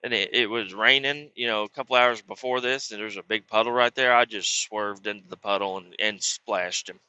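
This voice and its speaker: A man's voice: steady tone, a little fast, smooth, no echo, highs cut off. A man with a Southern US accent telling a crude, rambling comic story. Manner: rambling, crude, acts out quotes in loud high voices. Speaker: comedic storyteller. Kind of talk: comedic character monologue.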